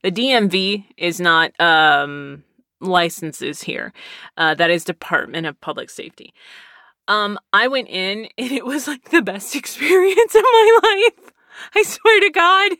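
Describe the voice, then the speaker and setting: A young woman casually telling a rambling story, laughing often and squealing when excited. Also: mid-range voice, measured pace, no room sound, clean studio sound. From Texas. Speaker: podcaster.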